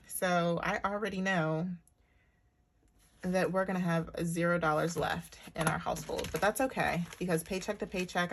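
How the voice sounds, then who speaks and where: A woman in her thirties vlogging from her bedroom at home, chatting casually to viewers and counting her budget cash out loud. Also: on the low side, vocal fry, slight background noise. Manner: chatty, talks to viewers as y'all, counts money aloud.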